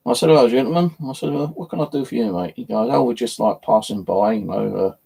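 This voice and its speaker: A man's voice: mid-range voice, quick pace, gravelly, warm tone, husky, low-quality recording. A man, telling a rambling story in casual chat, swearing freely as the host of his own channel.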